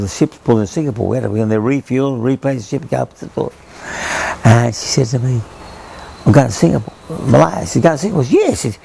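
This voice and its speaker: A man's voice: fairly low pitch, gravelly, darkish tone, slight background noise. An older Australian man, a former sailor, rambles through an oral history story, repeating himself and acting out the voices he quotes.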